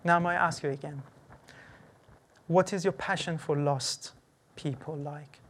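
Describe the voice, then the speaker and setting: An earnest, gently pleading preacher giving a church sermon and leading a closing prayer. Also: medium pitch, fairly even intonation, a little slow, slightly rough. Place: church service.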